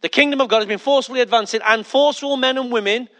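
A man's voice: very high voice, rapid-fire, a bit bright. A male pastor preaching a sermon emphatically, repeating key lines and putting questions to the congregation.

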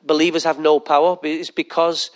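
A male pastor delivers a sermon in a high, bright register. He preaches in an animated way, firing rhetorical questions at the church and slipping into quick acted asides.

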